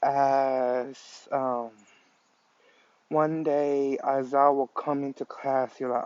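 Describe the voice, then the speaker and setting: Halting man telling a fan story, slow. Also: mid-range voice, little pitch movement, a little mellow, clean tone, dry recording. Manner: halting, many fillers. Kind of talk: improvised fan story narration. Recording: dull lo-fi recording.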